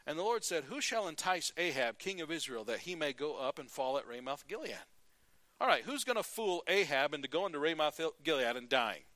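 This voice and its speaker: Animated preacher man, bright voice. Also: fairly high pitch, brisk, dry recording. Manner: animated, acts out the Bible characters in his retelling. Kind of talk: sermon.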